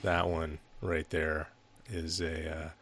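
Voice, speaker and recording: Deep gravelly man rambling casually. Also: flat delivery, slow pace, fairly bright tone, no room sound. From United States. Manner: rambling, swears freely, many restarts. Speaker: podcast co-host. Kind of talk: casual film review chat.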